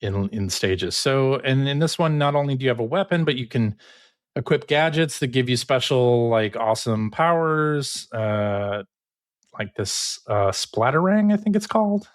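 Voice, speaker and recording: A man co-hosting a podcast and presenting the news in a relaxed, hesitant way with frequent fillers. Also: mid-range voice, normal speed, dry recording, studio quality. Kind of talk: casual chat.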